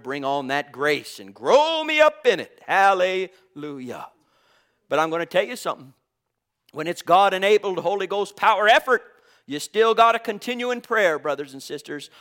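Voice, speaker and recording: An animated man preaching a sermon, his voice high and bright. He swings widely in pitch as he calls out for amens and chuckles between points.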